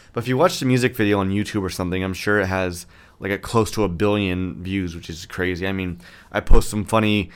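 A man in his early thirties hosting a casual solo podcast, ranting with profanity and sarcasm in a fairly monotone delivery. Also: on the low side, clean tone. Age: 30s. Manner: self-described monotone delivery. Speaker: podcast host.

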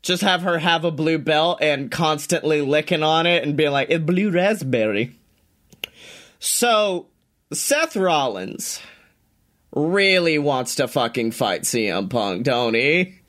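A man's voice: a little high, animated, takes it slowly, a bit bright. A man co-hosting a casual wrestling podcast, laughing often and swearing freely. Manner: profane, laughing, mimics others in quotes. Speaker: podcast co-host.

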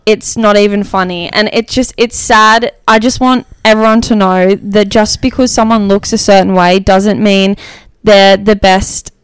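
A woman's voice: mid-range voice, steady tone, measured pace, clear, resonant tone, no echo. A young woman, co-hosting a casual fitness podcast, chatty and sarcastic. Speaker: podcast co-host, online coach. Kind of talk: casual chat.

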